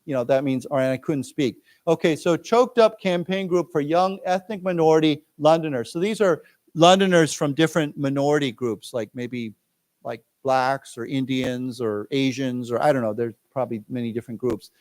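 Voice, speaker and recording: A man's voice: mid-range voice, normal speed, a little mellow. An American man teaching English, who explains words patiently and drills his class in a library lecture room. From United States.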